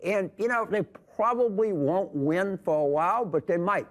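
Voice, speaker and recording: A man's voice: sits high, normal speed. An older man arguing heatedly on a TV panel, emphatic and repetitive, often restarting his sentences. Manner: emphatic, repetitive, jumping between thoughts. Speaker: political commentator guest. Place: TV studio with audience.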